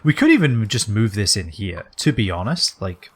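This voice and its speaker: Lively man rambling over a game. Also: lowish voice, moderate pace, slightly rough. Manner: rambling and jokey, drifting into put-on accents. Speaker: game streamer. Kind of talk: casual let's-play commentary.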